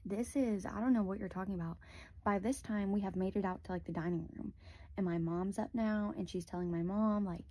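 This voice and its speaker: A woman's voice: medium pitch, steady tone, a little fast, warm tone, dry recording. A young woman telling a personal story in a casual, rambling way, full of "like" fillers, close to a phone mic.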